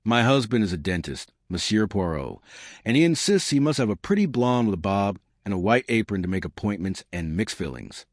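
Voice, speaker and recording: A man's voice: lowish voice, very animated, brisk, dry recording, clean studio sound. A man reading the part of an anxious middle-aged wife in an audiobook, earnest and pleading. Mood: indignant.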